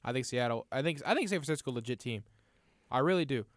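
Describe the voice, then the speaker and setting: A man's voice: medium pitch, expressive, fast, no room sound. Guy running a football pick show, upbeat, slightly sick, dry close sound. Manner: leads the talk, upbeat and chatty. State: a bit under the weather. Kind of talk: casual sports chat.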